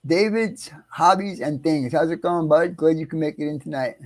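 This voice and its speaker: A middle-aged American man hosting a casual livestream, chatty and easygoing, greeting viewers one by one and clearing his throat often. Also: a little high, moderate pace. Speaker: livestream host.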